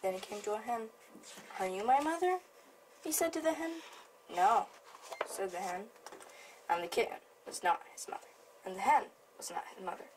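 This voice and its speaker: A woman's voice: mid-range voice, a little fast, background noise. Woman librarian reading a picture book. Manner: plain, steady storybook narration.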